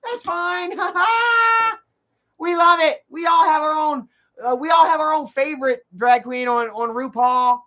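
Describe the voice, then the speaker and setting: A man mockingly putting on the voice of gushing liberal friends, squealing and shouting on a dull lo-fi recording. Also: very high voice, a little slow, pitched above the performer's own voice, full character voice.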